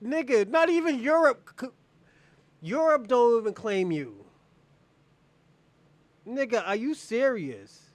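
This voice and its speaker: A man with a strikingly high voice hosts a heated livestream. He taunts and mocks the people he addresses, often laughing as he goes. The sound is dry, with no room echo. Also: expressive, slow, long pauses. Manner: taunting, mocking, breaks into laughter. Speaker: livestream host. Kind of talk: heated live commentary addressing viewers.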